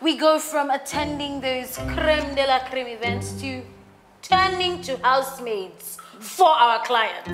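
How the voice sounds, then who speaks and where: High-voiced woman venting. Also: fairly bright tone. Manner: exasperated, emphatic complaining. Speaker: banker character in comedy skit. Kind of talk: scripted comedy sketch. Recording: music playing underneath.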